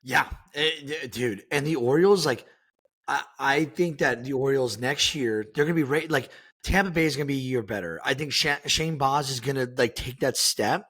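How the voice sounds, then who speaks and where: In a husky, slightly bright mid-range voice at normal speed, this man co-hosts a podcast. His sports chat is casual and rambling, full of fillers and false starts.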